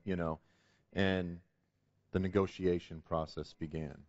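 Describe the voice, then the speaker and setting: Earnest storytelling man, low voice. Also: steady tone, normal speed, darkish tone, no echo, lo-fi sound. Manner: earnest, builds to emphatic preaching. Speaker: guest speaker. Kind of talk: storytelling testimony on a talk show.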